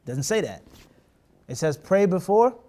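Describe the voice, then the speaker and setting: A man's voice: high voice, very animated, a little slow, warm tone. A man teaching a classroom hadith lesson, mixing Arabic terms into his English and often stopping to check that his students follow. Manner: asks the class rhetorical check questions. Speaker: Islamic teacher.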